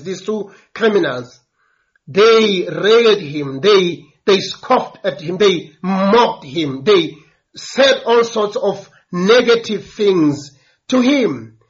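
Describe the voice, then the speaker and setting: A man's voice: sits high, lo-fi sound. A man preaching a sermon, earnest and building emphasis through repeated phrases.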